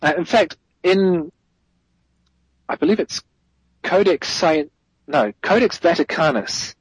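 Husky-voiced man explaining carefully. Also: fairly high pitch, slow pace, dry recording, poor audio. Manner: thoughtful, self-correcting, rising emphasis on key points. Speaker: guest theologian. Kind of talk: explanatory interview answer.

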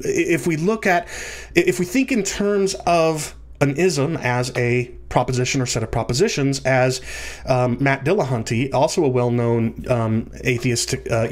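A man giving an explanatory commentary video, animated, slowing down to spell out key terms and swooping his voice up for emphasis. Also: medium pitch.

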